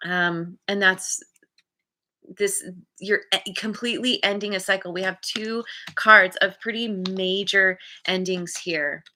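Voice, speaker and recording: A woman giving a relaxed tarot reading to her viewers, talking in a loose, chatty way and laughing often. Her voice is bright and clear, and she slips into lively little voices when she acts out how people react. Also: medium pitch, measured pace, slight background noise. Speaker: tarot reader. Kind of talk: casual spoken tarot reading.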